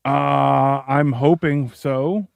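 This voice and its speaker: A man's voice: medium pitch, steady tone, extremely slow, creaky, clean tone, no echo. A man co-hosting a podcast in crude casual banter, rambling with fillers and acting out quotes, recorded close in a studio. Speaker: co-host.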